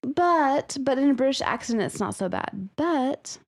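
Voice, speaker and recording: Woman cohost, kinda high voice, talks slow, laughs a lot. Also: lively intonation. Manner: unhurried, drawn out, laughs often. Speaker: podcast co-host. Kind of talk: casual chat about a story.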